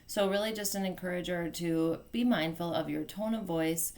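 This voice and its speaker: A middle-aged woman gives friendly communication advice to parents in an easy, unscripted way. Her voice sits a bit low, with a gravelly fry in it. She chats along with fillers and quick self-corrections. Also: darkish tone. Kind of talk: casual instructional talk.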